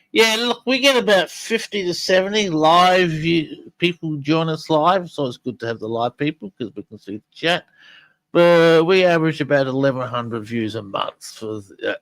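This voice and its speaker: A man's voice: a little high, fairly bright tone, no room sound, rough recording. A man hosting a live podcast, talking casually and rambling with many fillers and restarts. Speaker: podcast host.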